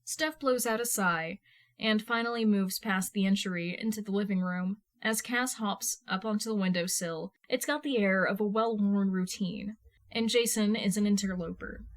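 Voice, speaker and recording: A woman reading fan fiction aloud in a casual, lively manner, swearing freely. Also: mid-range voice. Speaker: podfic reader. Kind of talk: fan fiction audiobook narration.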